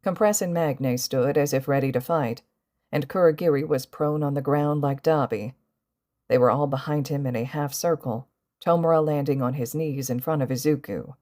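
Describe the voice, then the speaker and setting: A woman narrates a fan fiction story aloud in an audiobook style. Her low voice keeps a steady, even pace. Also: normal speed. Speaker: podfic reader.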